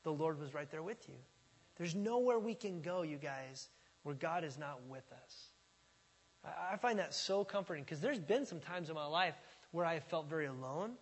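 A male pastor preaching with a husky, fairly high voice. He talks conversationally, moving from loud emphatic bursts to hushed asides. The sound carries the long reverb of a large church hall. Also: animated, normal speed. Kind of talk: sermon.

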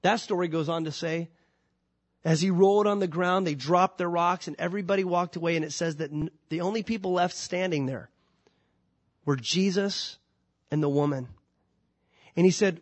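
Pastor guy preaching, voice a bit high, gets loud then goes quiet, keeps asking the crowd stuff. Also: fairly quick. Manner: animated preaching with sudden loud rises and soft drops; conversational, asks the congregation questions. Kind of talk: sermon.

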